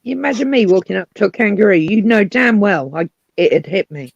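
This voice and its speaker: A man's voice: high-pitched, lively intonation, a little fast, vocal fry, no room sound, dull audio. A man chatting on a video call, tossing in teasing, skeptical asides. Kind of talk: casual chat on a video call.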